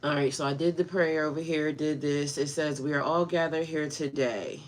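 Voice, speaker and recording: A woman's voice: low voice, moderate pace. A woman spiritual coach talking casually on a livestream, laughing often and greeting her viewers by name. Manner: loose, chatty storytelling.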